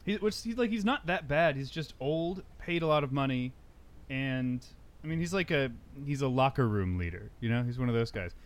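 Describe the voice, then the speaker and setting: A man appearing as a guest on a casual podcast, his voice pitched in a mid range. He rambles in a wry way and keeps leaning on filler words. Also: lively intonation, moderate pace. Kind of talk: casual chat.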